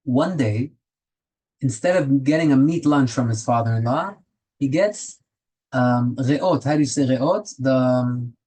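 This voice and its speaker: A man's voice: medium pitch, measured pace, mellow, slightly rough, low-quality recording. A man teaching a Torah class, telling stories and asking rhetorical questions, with Hebrew terms woven into his English.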